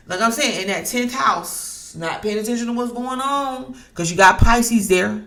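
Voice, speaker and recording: A woman's voice: on the high side, animated, moderate pace, few pauses, fairly bright tone. A woman reading astrology in a casual talk, blunt and heated, swearing freely and repeating herself for emphasis. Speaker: astrology and tarot reader.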